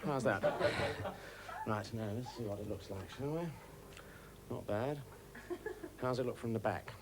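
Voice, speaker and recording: An actor playing a manic, mischievous male impostor in a stage comedy, impish and quick to switch voices, playing to the audience. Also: fairly low pitch, background noise. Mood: playful.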